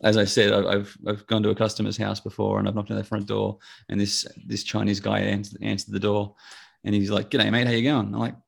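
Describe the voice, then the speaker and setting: A man's voice: lowish voice, monotone, fairly quick, vocal fry, slightly rough. A man, a father speaking bluntly and with firm opinions in a casual discussion. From Australia. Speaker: guest, father.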